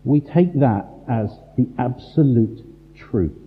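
A man preaching a sermon, emphatic and full of rhetorical questions and dramatic pauses. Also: medium pitch, expressive. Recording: tinny phone-like sound in a large reverberant hall.

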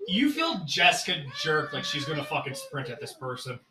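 A man's voice: fairly high pitch, huge pitch swings, moderate pace, reverberant, recorded from a distance, noisy background. A man narrating a tabletop game as game master, in a casual, swearing manner full of fillers.

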